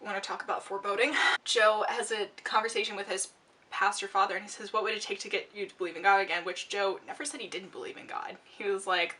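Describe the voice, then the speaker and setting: A woman gushes about a book she loved, talking casually with plenty of fillers and restarts while she works on her makeup. She sounds a little out of breath, and her tone is bright and forward. She sits a little back from the microphone, so her voice comes across slightly distant. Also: mid-range voice. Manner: gushing, excitable, lots of fillers and restarts. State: a bit out of breath. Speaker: book reviewer and makeup vlogger.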